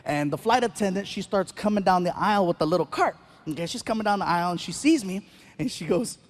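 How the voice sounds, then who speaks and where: A man doing stand-up comedy on a big live stage, telling a story with animated delivery and acting out voices, shouting punchlines. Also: high-pitched, fast. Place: large live venue with audience.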